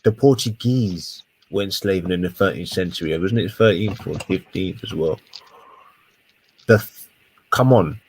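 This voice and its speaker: A man's voice: low voice, a little slow, a little mellow, slight background noise. A man in a heated casual podcast debate, emphatic and swearing, repeating words to press his point. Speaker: podcast co-host.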